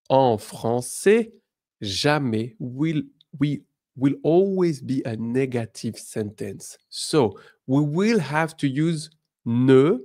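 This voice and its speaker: A French man with a French accent teaches an online lesson in a slightly high voice. He is upbeat and encouraging, pronouncing his examples slowly and carefully.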